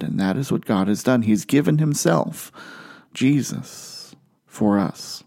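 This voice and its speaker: A man preaching a sermon in an earnest way, slowing down and lifting his voice on key phrases. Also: mid-range voice, warm tone. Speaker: pastor.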